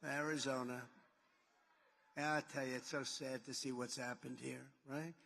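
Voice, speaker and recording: A man's voice: medium pitch, little pitch movement, measured pace, vocal fry, bright, forceful tone. A man addressing a rally as a political candidate, boastful and repetitive, piling up superlatives and wandering into asides. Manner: rambling asides. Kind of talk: rally speech. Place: large rally venue. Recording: long reverb in a large hall.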